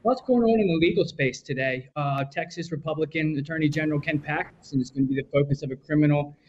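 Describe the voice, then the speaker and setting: Male correspondent, higher-pitched, relaxed rundown with many fillers, dull lo-fi remote audio. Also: fast talker, slight background noise. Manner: easygoing, frequent "uh" fillers. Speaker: legal news correspondent. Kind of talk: casual news rundown.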